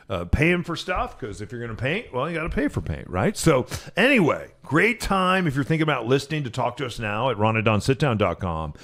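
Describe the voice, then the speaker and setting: A man's voice: mid-range voice, a bit bright. A man co-hosting a casual talk show from a studio, talking in a rambling way with frequent restarts. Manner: rambling, stops and restarts often. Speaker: co-host. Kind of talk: casual talk radio chat.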